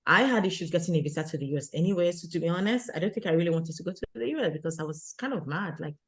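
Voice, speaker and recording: A woman's voice: on the low side, animated, racing. A woman guest telling her immigrant story in an earnest, conversational way, often adding "you know" and "right?". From abroad, immigrant to Canada. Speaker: guest, retreat organizer for women.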